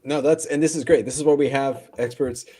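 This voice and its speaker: A man's voice: medium pitch, steady tone, brisk, dark tone, breathy edge. A man hosting a podcast, easygoing and chatty, asking loose questions and laughing often. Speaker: podcast host. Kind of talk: casual interview chat.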